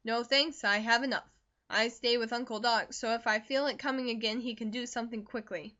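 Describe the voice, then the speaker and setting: A woman's voice: a little high, steady tone, bright, forceful tone, dull audio. A woman reading as a cheerful convalescent young man. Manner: brisk, jovial, emphatic.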